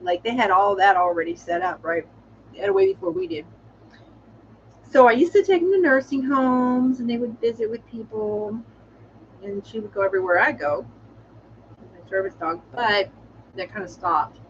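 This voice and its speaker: A woman's voice: a little high, lively intonation, moderate pace, pauses often, slight background noise. A woman with a cold casually chatting on a livestream from home, meandering with lots of fillers and restarts. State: has a cold. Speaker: livestream host. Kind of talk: casual rambling livestream chat. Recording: slightly dull lo-fi audio.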